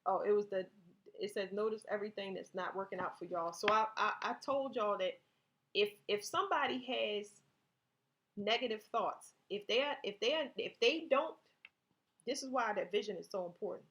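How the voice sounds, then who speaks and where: A woman's voice: medium pitch, moderate pace, a bit bright. A woman giving a casual tarot reading, talking straight to her viewers, reading card text aloud and often restarting her sentences. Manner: conversational, restarts often, speaks directly to viewers. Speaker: tarot reader.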